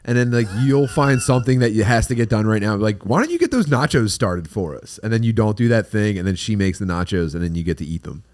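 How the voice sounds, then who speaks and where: A man co-hosting a casual podcast chat, telling deadpan comic stories and acting out the lines in them. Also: on the low side, quick pace, few pauses. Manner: deadpan storyteller, acts out scenes. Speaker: podcast co-host.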